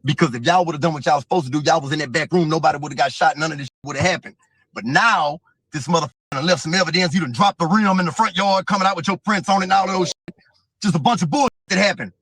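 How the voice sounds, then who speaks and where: A man's voice: fairly high pitch, very fast, fairly bright tone, husky, no echo. A man telling a profane, vivid story as an interview guest. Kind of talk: casual storytelling.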